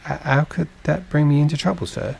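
A man's voice: fairly high pitch, steady tone, a little fast, creaky, darkish tone, husky, voice pushed up, exaggerated voice. A man narrating a storybook and voicing a polite, earnest young ship's mate.

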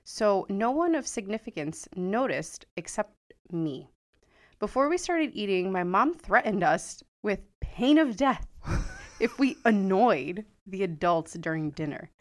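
Animated woman podcast host. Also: mid-range voice, measured pace. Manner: expressive, reacts with laughs and exclamations. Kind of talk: casual chat.

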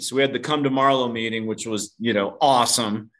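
A man on a podcast interview speaks briskly with few pauses, his mid-range voice steady and fairly bright. Sharing a personal tale, he openly laughs at himself, swears here and there, and calls the host "dude."

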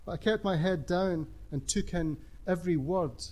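Man, audiobook narration, measured, wry, high-pitched. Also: dark tone.

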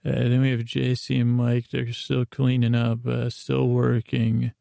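A man's voice: medium pitch, completely flat delivery, vocal fry, warm tone, no room sound, clean studio sound. A man hosting a podcast, telling a rambling bedtime recap in a meandering, hesitant, drowsy way full of asides. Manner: drowsy, unhurried. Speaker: podcast host.

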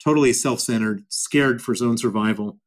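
A male interview guest explains his views at length, driving points home by repeating them. His voice sits at an ordinary middle pitch for a man. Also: a little fast. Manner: emphatic and repetitive.

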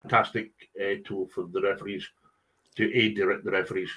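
A man, a podcast guest, giving measured opinions with many pauses and ums. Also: deep voice, level tone, bright, forceful tone, slightly rough, soft background music. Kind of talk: podcast discussion.

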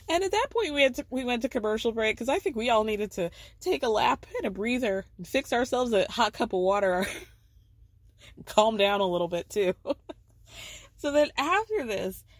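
A woman's voice: on the high side, lively intonation, moderate pace, pauses often, no echo. Blunt, swearing woman podcast host, dry sound. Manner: blunt, swears freely, chuckles often. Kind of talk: casual TV recap chat.

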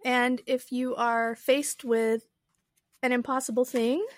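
Reading a book aloud on her podcast, a woman adds wondering, amused asides in casual musing. Her voice is a little high with little pitch movement and a slow pace, captured in a dry, clean studio recording.

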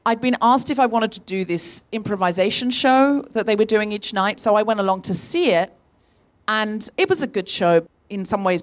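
Woman co-host, live comedy podcast storyteller, animated, does the voices in her anecdotes. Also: medium pitch. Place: live venue stage.

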